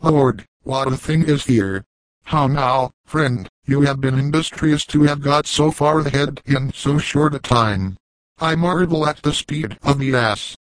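A man's voice: medium pitch, unhurried, dry recording, close to an everyday voice, rough recording. A man reading the part of a weathered old backwoods trapper, plainspoken and chiding, in a dry audiobook recording. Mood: stern.

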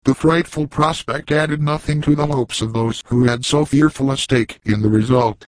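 Male audiobook narrator, mid-pitched, formal and even, dry close mic. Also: normal speed, dry recording, low-quality recording. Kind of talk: scripted narration of a classic novel.

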